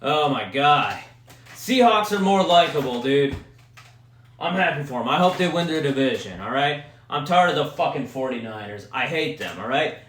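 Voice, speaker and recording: A young man hosting a podcast, ranting casually and profanely as an excitable sports fan. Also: mid-range voice, normal speed, echoey room, slight background noise. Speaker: podcast host. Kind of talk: casual solo rant.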